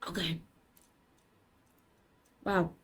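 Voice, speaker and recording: A young woman talking casually in a rambling, dramatic, self-mocking vlog. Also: extremely slow. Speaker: vlogger.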